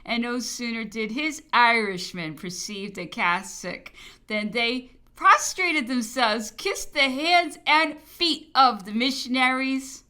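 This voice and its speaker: A woman reads an old memoir aloud as audiobook narration. Her voice is a little high, with a very bright tone. Her pacing is measured and her delivery formal. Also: expressive, smooth. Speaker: audiobook reader.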